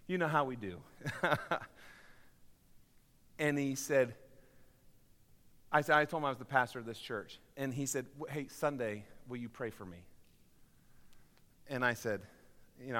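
A man preaching a sermon as pastor of his church, swinging from loud, driving appeals to quiet, hushed storytelling. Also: medium pitch. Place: church sanctuary. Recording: reverberant church hall.

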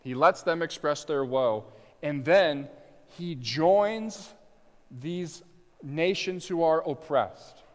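A man preaching an expository sermon, slowing down for emphasis and swelling loud on the quoted cries. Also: fairly high pitch. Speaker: pastor. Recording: long hall reverb.

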